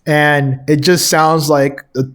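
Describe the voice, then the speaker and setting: A man with a slightly raised pitch talks straight to his audience, reacting to footage. He grows more and more indignant, stumbling over repeated words and catching himself with short laughs. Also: level tone, takes it slowly, fairly bright tone. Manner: indignant, ranting, self-correcting with chuckles. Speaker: commentary host. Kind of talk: reaction commentary.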